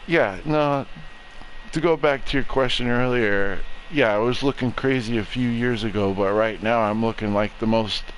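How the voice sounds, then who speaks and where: A young adult man streaming a game, rambling through a profane, deadpan conspiracy rant. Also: medium pitch, normal speed, a little hiss or hum, poor audio. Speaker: gaming streamer. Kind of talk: casual chat while streaming a game.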